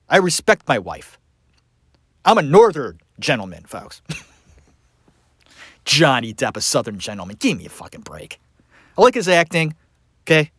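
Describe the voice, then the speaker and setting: A man's voice: a little high, a bit bright, dry recording, clean studio sound. A man hosting a podcast, ranting sarcastically and emphatically in a solo opinion monologue. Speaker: podcast host.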